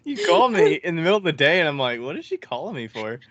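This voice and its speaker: Playful, lively man co-host, dull audio. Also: on the high side, quick pace, no echo. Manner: playful, teasing. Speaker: podcast co-host. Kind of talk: casual chat.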